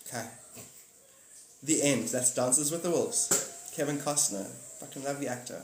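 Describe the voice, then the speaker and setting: A man's voice: mid-range voice, moderate pace, pauses often. Live streamer, male, rambling and jokey, recorded in a roomy space with faint noise hiss. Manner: rambling, jokey, swears, acts out silly voices. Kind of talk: casual live stream chat. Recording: echoey room with faint noise.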